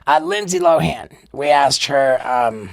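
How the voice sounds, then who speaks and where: A man's voice: mid-range voice, animated, a little slow, creaky, over a noisy crowd. A man chatting as a podcast guest, telling stories with frequent giggles and stammering restarts. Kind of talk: casual chat.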